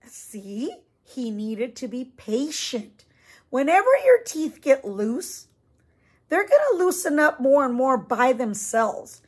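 A woman's voice: sits high, sing-song, slow pace, breathy edge. A woman teacher reading a picture book aloud to young children, stopping to ask questions and explain. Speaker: preschool teacher.

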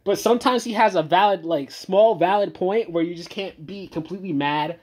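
Husky man ranting heatedly. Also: normal speed. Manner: heated, swinging between loud outbursts and low muttering. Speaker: commentator. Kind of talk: profane reaction rant.

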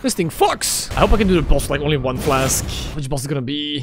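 A young man commentating his own gameplay casually, excitable and crude, with sudden yelps and laughs. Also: fairly high pitch, quick pace, few pauses, noisy background. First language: Dutch. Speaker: streamer. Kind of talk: casual let's-play commentary.

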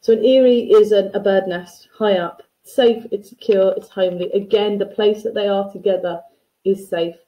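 A woman's voice: mid-range voice, steady tone, moderate pace, highs cut off. A woman teacher giving a recorded lesson that analyses a poem for students, reading quotations aloud and unpacking them in a conversational, explanatory way.

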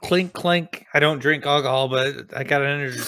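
A man's voice: fairly high pitch, a little fast, sharp tone. A man co-hosting a podcast in casual chat, laid-back and self-mocking, swearing freely. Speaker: podcast co-host.

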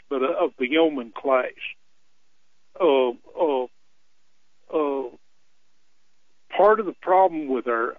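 Male radio caller, slightly higher voice, tinny phone-line sound, hesitant delivery full of fillers. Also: no echo. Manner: halting, many filler ums. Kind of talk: phone-in call.

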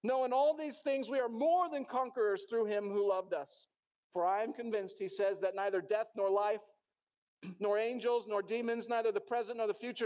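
A man's voice: extremely high pitch, darkish tone. A middle-aged man with an American accent, preaching a sermon in a church and telling stories earnestly, with many restarts. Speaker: pastor.

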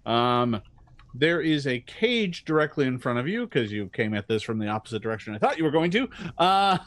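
Man narrating as game master, lively pitch. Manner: halting, fills pauses with um and uh.

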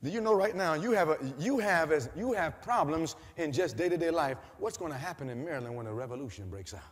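A man preaching a sermon to a congregation, asking repeated questions for them to answer and climbing to shouted peaks. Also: on the high side, lively intonation, fast, in a large hall. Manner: call-and-response questions, rising to shouts.

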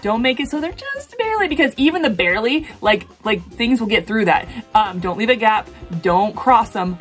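A woman hosting her own jewelry-making tutorial, chatty and bubbly, gushing with excitement as she talks viewers through each step. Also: fairly high pitch, moderate pace, soft background music. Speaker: jewelry-making video host. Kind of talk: casual craft tutorial.

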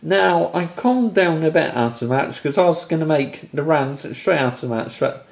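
A man's voice: on the high side, expressive, normal speed, creaky. A young man from England ranting angrily about his football team's loss, swearing and exasperated. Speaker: football fan vlogger. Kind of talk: angry fan rant to camera.

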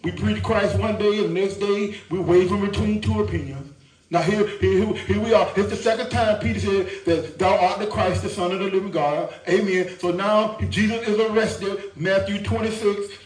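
A man's voice: high voice, steady tone, normal speed. A man preaching a sermon, who repeats his words and keeps asking the congregation to agree. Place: church. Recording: echoey church from far off.

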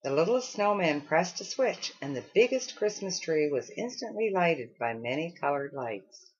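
A woman reading a children's storybook aloud with expressive storytelling. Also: low voice, normal speed, slightly rough, lo-fi sound. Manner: expressive storytelling with acted character lines. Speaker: storybook reader.

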